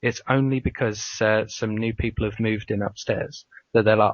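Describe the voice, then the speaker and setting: A man with a fairly low voice hosts a casual podcast and tells his stories slowly, stopping often on hesitant fillers. The sound is dry and close, with a dull, lo-fi quality. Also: steady tone, no echo. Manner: hesitant, full of uhs, anecdotal. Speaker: podcast host.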